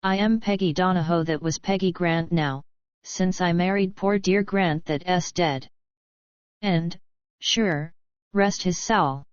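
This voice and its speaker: A woman's voice: on the low side, slow, smooth, no room sound, lo-fi sound. A woman voicing a bold, scheming Irish-Australian widow, speaking with an Irish brogue mixed with a bush drawl. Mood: wheedling. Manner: mellifluous, brazen.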